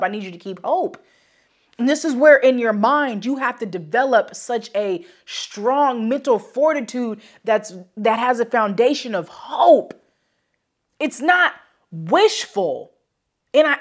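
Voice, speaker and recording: A woman talks solo on her motivational podcast, preaching with conviction in a loose, slangy way. She circles back to her points and repeats them for emphasis, sometimes with a catch of feeling in her voice. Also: a little high. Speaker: podcast host.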